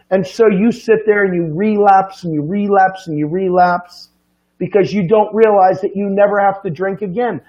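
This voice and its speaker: A man giving an impassioned, profane monologue, hammering rhetorical questions and swinging between low, quiet stretches and sudden high, loud bursts. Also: dull audio. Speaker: political commentator.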